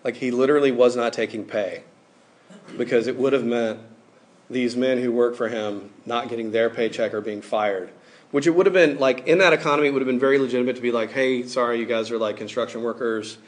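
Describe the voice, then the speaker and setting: A man's voice: mid-range voice, fairly even intonation, a little fast. A young adult man giving a casual, conversational sermon to students, with many fillers.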